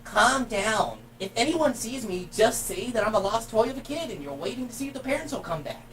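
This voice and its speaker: A woman's voice: on the high side, expressive, a little fast, fairly bright tone, distant mic, a little hiss or hum. A woman voicing a small, cheeky male stuffed penguin toy in a cartoon, talking in a playful, unbothered way. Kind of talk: cartoon voice acting.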